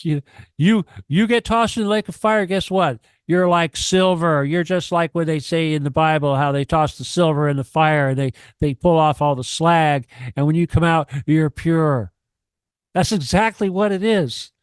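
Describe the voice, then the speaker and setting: A man's voice: a little high, normal speed, smooth, no room sound. A man ranting on a radio talk show, profane and emphatic, lecturing and repeating himself.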